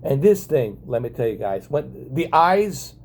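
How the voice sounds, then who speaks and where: Dark-voiced man telling a story. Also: medium pitch, a little slow, creaky, breathy edge. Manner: excitable, profane, many fillers and restarts. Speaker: vlogger. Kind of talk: casual storytelling to camera.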